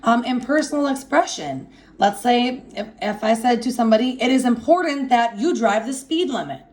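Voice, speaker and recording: A woman teaching a grammar lesson in a classroom, slowing down to stress her example sentences and checking in with "okay?". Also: on the high side, expressive, a little mellow. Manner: slow and emphatic when reading example sentences; checks understanding with frequent "okay?". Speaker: Spanish teacher. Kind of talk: classroom lecture.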